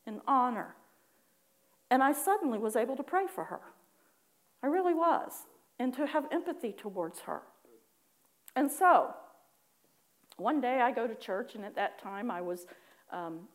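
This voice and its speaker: A woman preaching a personal testimony, animated in her storytelling, acting out her own prayers with laughing asides. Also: on the high side. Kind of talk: sermon testimony.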